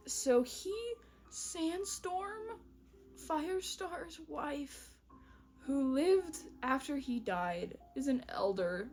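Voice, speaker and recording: Giggly high-pitched young woman. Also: slight background noise. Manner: giggly, animated storytelling. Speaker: co-host. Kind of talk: casual chat.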